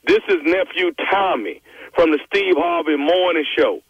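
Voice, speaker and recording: A man's voice: fairly high pitch, animated, normal speed, breathy edge, dry recording. A man who is a radio prank caller, revealing a prank over the phone in an amused, teasing way. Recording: muffled phone line.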